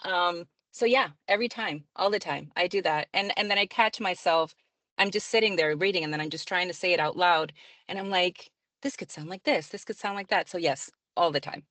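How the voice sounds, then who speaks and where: A woman who narrates audiobooks and works as a librarian answers interview questions chattily, laughing often and using fillers. Her voice is on the low side and a bit bright, she speaks briskly, and there is no room sound.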